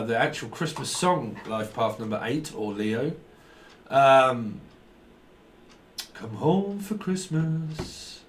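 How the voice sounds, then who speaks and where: A man with a voice pitched a little high gives a loose, free-association tarot reading. He jumps from pun to pun and drifts into bits of songs and goofy voices as he goes. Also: slight background noise. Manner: playful, punning, breaks into snatches of song and silly voices. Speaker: tarot reader.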